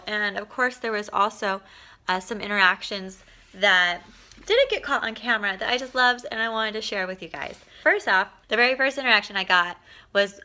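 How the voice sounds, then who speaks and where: Young female vlogger, worn out and loose-tongued, bright forceful voice, casual to-camera chat. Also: mid-range voice. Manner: loose, laughing, swears freely. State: exhausted.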